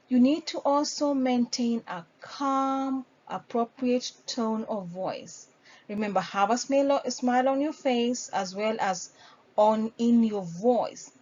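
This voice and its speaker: A woman's voice: mid-range voice, a little mellow. A woman teaching customer service, explaining step by step and acting out sample greetings. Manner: explains patiently, acts out sample phone greetings. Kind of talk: instructional lecture. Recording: dull lo-fi recording.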